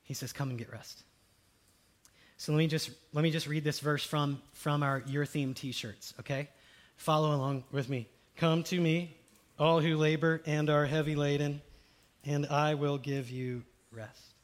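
A man preaching a sermon, rising to loud exclamations and dropping to hushed quotes. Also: a little high, level tone, a little slow.

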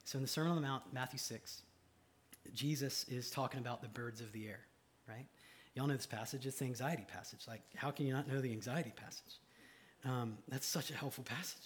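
A man preaching a sermon in a casual, animated way, swinging from loud excited asides to quiet emphasis. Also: medium pitch, a little fast, slight background noise. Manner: casual slang-filled preaching. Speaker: pastor.

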